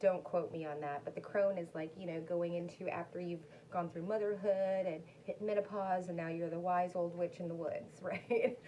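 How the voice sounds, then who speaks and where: Speaking at a moderate pace with few pauses, a woman with a fairly low, evenly intoned voice chats her way through a loose tarot reading for viewers and talks to her dog between cards. The sound is dull, carrying a little hiss or hum.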